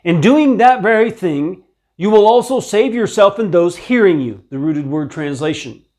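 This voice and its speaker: A man preaching a stern video sermon on scripture, rebuking listeners in a terse but gentle tone. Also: high-pitched, animated, normal speed. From Ukraine.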